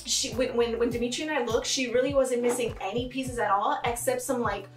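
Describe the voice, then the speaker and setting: Bubbly high-voiced woman vlogger. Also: fairly even intonation, brisk, reverberant, recorded from a distance, over music. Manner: bubbly, lots of "like" fillers. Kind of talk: casual budget vlog.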